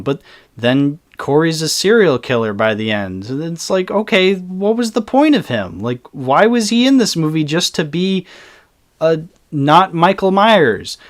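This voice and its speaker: Young male reviewer, casual rant, sarcastic and exasperated, slightly high voice with lively swings. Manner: exasperated, sarcastic, swears freely. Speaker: movie reviewer.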